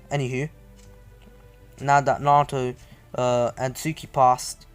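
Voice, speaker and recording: A man casually retelling a fan story, rambling with many hesitations and asides. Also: mid-range voice.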